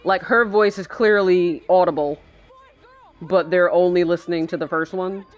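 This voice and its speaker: A woman's voice: lowish voice, steady tone, moderate pace, muffled recording. A woman giving casual live commentary while watching a film from her chair, chatty and sarcastic, swearing and laughing a lot. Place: indoors, seated in a chair.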